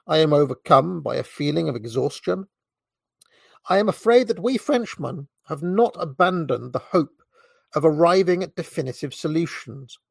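A British man reading a book aloud in a measured way, now and then stumbling and correcting himself, with short asides of his own. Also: fairly high pitch, vocal fry, no room sound. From Britain. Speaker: reader.

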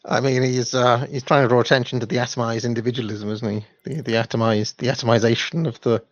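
A man's voice: mid-range voice, little pitch movement, fast, dry recording. A man co-hosting a casual commentary, reacting to a clip in a dry, hesitant way with many fillers. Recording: dull dry lo-fi mic.

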